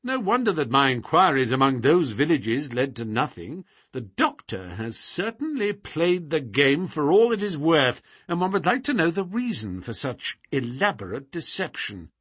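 A man reading as a brisk, commanding detective, eager and quick to give orders. His husky voice leaps up and down, close and dry. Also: on the high side, very animated, fairly bright tone, no echo, exaggerated voice.

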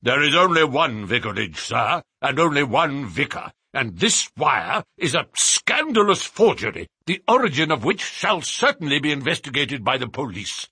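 Man doing a pompous vicar, indignant, forceful, husky. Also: medium pitch, big pitch swings, normal speed, few pauses, no room sound, studio quality, exaggerated voice. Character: big, pompous male country vicar.

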